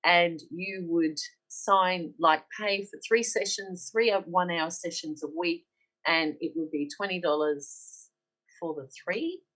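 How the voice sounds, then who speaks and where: A woman's voice: on the low side, takes it slowly, fairly bright tone, rough recording. A middle-aged woman with an Australian accent, earnestly telling her personal story on a podcast and acting out the dialogue she quotes. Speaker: podcast guest.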